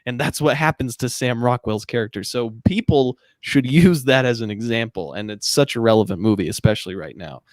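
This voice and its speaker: A man's voice: mid-range voice, fairly quick, hardly any pauses. A man with a mid-range voice takes part as a guest in a casual livestream chat. He explains things eagerly, and his voice sounds dry, with no room echo. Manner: enthusiastic, explanatory.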